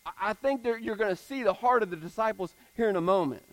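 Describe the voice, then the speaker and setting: High-voiced man preaching conversationally. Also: fast, no echo, rough recording. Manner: conversational preaching with casual fillers; swings between emphatic and hushed. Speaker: pastor. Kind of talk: sermon.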